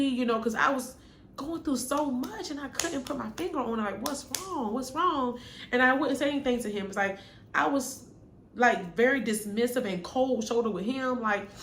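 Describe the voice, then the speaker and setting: Candid young woman telling her story. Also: fairly high pitch. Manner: candid, addresses viewers as y'all, quiets when sad. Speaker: vlogger. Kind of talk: personal storytelling to viewers. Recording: echoey room with faint noise.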